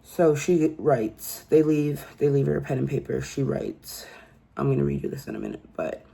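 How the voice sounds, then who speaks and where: A woman's voice: extremely low pitch, big pitch swings, moderate pace, gravelly, warm tone. A woman giving a casual true crime commentary, telling the story emphatically and incredulously and often asking "okay?".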